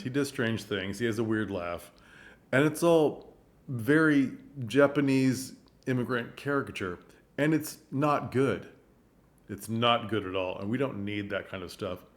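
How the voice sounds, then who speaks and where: A man giving earnest, animated commentary on a stage production, telling the story with frequent restarts. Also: lowish voice. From United States. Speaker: theater commentator. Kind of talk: casual commentary.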